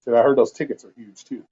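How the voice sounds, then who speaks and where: A man's voice: medium pitch, muffled recording, background noise. A man hosting a casual livestream, ranting bluntly with heavy profanity and exasperation. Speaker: livestream host.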